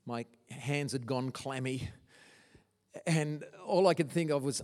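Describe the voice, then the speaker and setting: A man's voice: mid-range voice, takes it slowly, darkish tone. A middle-aged man giving an earnest, emotional testimony to a church audience, with stumbling restarts. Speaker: guest speaker. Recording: long hall reverb.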